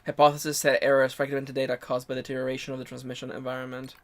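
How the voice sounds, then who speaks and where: A man imitating a calm, formal robotic support pod in flat, clipped, machine-like diction while playing a game. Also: mid-range voice, very fast, slight background noise, lightly acted. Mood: deadpan robotic.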